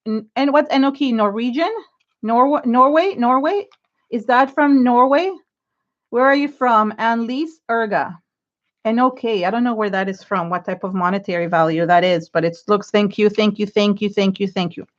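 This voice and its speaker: A middle-aged woman chats her way through an art journaling livestream, restarting her sentences and gushing thanks at her viewers. She sounds teary and near crying, with a fairly high voice. The audio is dull and lo-fi. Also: normal speed. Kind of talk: casual livestream chat while crafting.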